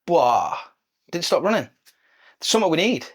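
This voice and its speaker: A man's voice: fairly high pitch, very animated, moderate pace, breathy edge. A man, co-hosting a football podcast, talking earnestly and chattily. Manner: earnest, chatty, says "do you know what I mean". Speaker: podcast co-host. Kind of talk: casual football chat.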